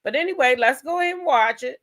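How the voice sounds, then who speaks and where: A woman's voice: sits high, animated, fast, fairly bright tone. A woman hosting a commentary show, talking in a blunt, chatty way and swearing freely. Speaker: commentary channel host. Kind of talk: casual commentary.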